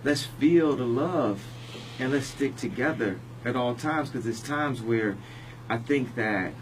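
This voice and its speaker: A man being interviewed on the radio, talking in a halting, rambling way full of restarts. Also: fairly low pitch, a bit bright, a little hiss or hum, poor audio. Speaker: interview guest. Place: radio studio.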